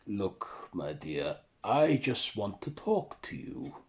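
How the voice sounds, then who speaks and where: A man voicing an old, proud vampire count with a Romanian accent, speaking slowly, formal and aloof. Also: on the low side, sing-song, vocal fry, a little mellow, heavily acted. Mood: coaxing.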